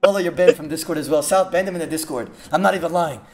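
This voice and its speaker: A man's voice: fairly high pitch, quick pace, a little mellow, roomy sound, low-quality recording. A man streaming a game live, chatting playfully and greeting viewers by name. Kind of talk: casual live-stream chat.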